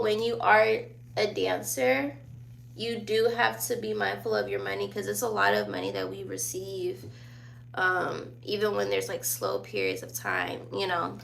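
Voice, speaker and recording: A young woman in her twenties talks in an unhurried, laid-back way, her youthful voice carrying a gravelly fry. She answers viewers' questions casually and laughs often. A faint noise sits under the recording. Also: medium pitch, a bit bright. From born in Virginia, raised in Sicily and Germany. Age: 20s. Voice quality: youthful-sounding voice. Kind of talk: casual chat.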